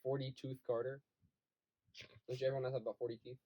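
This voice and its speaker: A man's voice: medium pitch, flat delivery, fast talker, dark tone. Young male co-host, jokey and playful, casual banter with friends. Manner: goofy, jokey, laughs often. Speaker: podcast co-host. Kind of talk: casual chat among friends.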